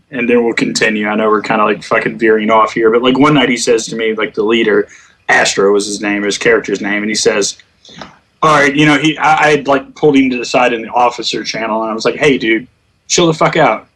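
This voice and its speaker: A man's voice: medium pitch, fairly even intonation, a little fast, fairly bright tone, a little hiss or hum. A man chatting casually about online gaming, telling stories with lots of swearing and laughter, acting out quotes. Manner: profane, laughing storyteller who acts out quotes.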